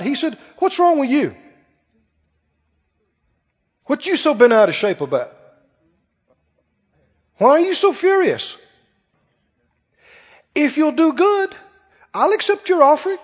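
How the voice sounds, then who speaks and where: A man preaching a sermon, animated and full of rhetorical questions to the congregation. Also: very high voice. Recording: muffled sound with long hall reverb.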